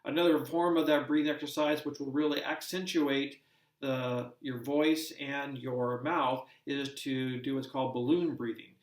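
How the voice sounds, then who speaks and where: A man teaching a recorded lesson, explaining at a measured pace with frequent fillers and restarts. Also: medium pitch, fairly even intonation, recorded from a distance. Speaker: course instructor. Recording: roomy echo, speaker away from mic.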